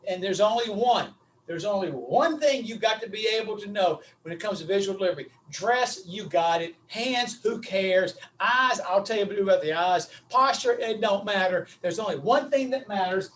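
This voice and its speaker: A man's voice: high-pitched, expressive, normal speed, fairly bright tone, distant mic, slight background noise. A middle-aged man, coaching on public speaking in an emphatic, repetitive, punchy style over a video call. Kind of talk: animated coaching talk.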